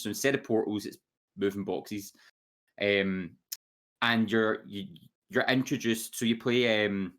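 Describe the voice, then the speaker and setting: A man, co-hosting a podcast, talking in a rambling way with many restarts. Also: lowish voice. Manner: rambling, full of restarts and fillers. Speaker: podcast co-host. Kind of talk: casual chat.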